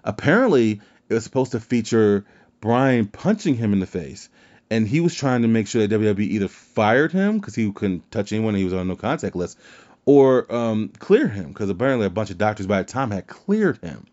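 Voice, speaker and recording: A man's voice: on the low side, sing-song, normal speed, darkish tone. A man hosting a wrestling podcast in casual chat, rambling and swearing freely. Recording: dull lo-fi sound.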